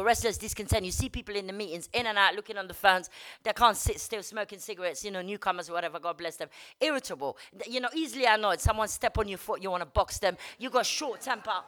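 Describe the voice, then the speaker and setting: A woman giving a blunt, candid personal recovery testimony, swearing freely and dropping many "you know"s. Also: medium pitch. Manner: fast and energetic, rising and falling in loudness. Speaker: speaker sharing at a recovery meeting.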